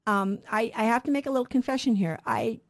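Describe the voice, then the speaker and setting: Middle-aged woman radio Bible teacher, earnest, slightly high voice, poses questions to listeners. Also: fast talker, vocal fry. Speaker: radio Bible show co-host.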